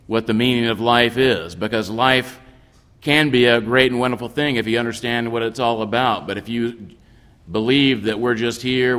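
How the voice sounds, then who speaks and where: A man delivering a sermon as a priest, explaining scripture in a measured way with occasional restarts. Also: fairly low pitch, fairly bright tone, in a large hall. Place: church.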